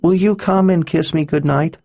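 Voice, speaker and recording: A man narrating an audiobook and voicing an earnest, serious little orphan girl in a high childlike voice. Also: fairly even intonation, moderate pace, creaky, darkish tone, no room sound, studio quality. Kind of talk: audiobook character voice.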